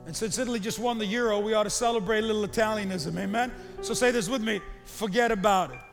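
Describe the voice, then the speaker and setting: A pastor preaching a sermon, animated and calling the congregation to repeat after him. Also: male voice, high voice, fast, vocal fry. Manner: animated preaching, calls the crowd to repeat lines. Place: church sanctuary. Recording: reverberant hall with faint music.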